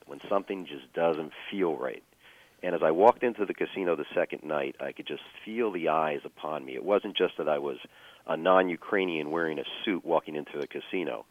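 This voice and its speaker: A man telling a personal story as a guest, measured and full of fillers and restarts. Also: sits low, no room sound, muffled recording.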